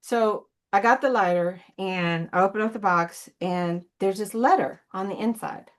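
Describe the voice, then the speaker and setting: A woman's voice: medium pitch, moderate pace. A woman ministry coach giving an emotional motivational talk, earnest and pleading, blunt and sometimes profane, rambling with many fillers and restarts.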